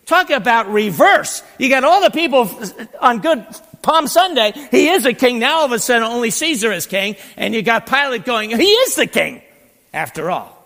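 Animated preacher man in a reverberant hall. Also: very high voice, moderate pace. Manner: animated, swings between loud emphasis and quiet asides. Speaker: pastor. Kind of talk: sermon with scripture reading. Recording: long reverb in a large hall.

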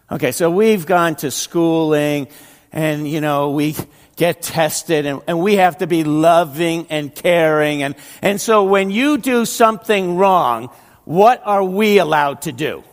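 Animated high-voiced preaching man. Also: big-room sound. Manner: animated, joking, acts out biblical figures. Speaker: pastor. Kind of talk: sermon.

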